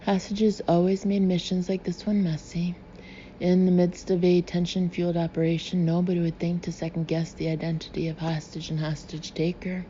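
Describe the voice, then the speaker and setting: A woman reads an audiobook in a low, level, measured voice with a warm, mellow tone. The recording is slightly dull, with a faint hiss underneath. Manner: even, measured reading. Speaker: audiobook narrator. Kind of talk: scripted audiobook narration.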